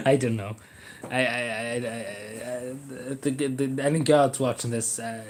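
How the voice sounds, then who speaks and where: A man's voice: mid-range voice, fairly even intonation, moderate pace, slight background noise. A man talks casually into a desk mic on his livestream. He rambles, making sarcastic, jokey asides as he goes. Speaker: livestream host.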